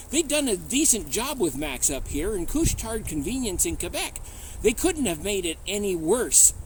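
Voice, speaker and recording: A man's voice: high voice, a little hiss or hum, poor audio. A man hosting a comedy show, delivering an irritated, sarcastic scripted rant. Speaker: comedy show host in bear costume.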